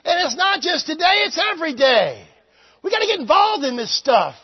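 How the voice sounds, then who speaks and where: A man preaching a revival sermon, shouting fervently and then dropping to quiet storytelling. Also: extremely high pitch, very animated, moderate pace. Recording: dull lo-fi recording.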